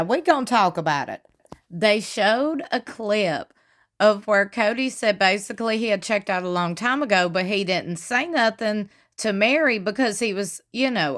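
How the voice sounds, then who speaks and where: Chatty woman gossiping. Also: medium pitch. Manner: chatty, gossipy, animated retelling with laughs. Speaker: reality TV commentator. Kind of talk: casual commentary.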